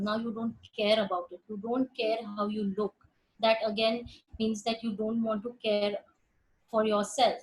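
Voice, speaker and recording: A woman's voice: a little high, rough recording. A woman psychologist with an Indian English accent giving a webinar lecture on a video call, earnest and emphatic, often repeating words as she rephrases.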